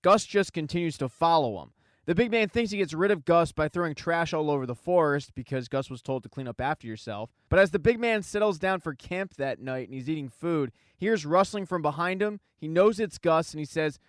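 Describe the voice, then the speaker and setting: Man narrating a brisk story recap. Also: fairly high pitch, lively intonation, no room sound, clean studio sound. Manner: brisk storytelling with quoted lines read plainly. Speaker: recap channel host.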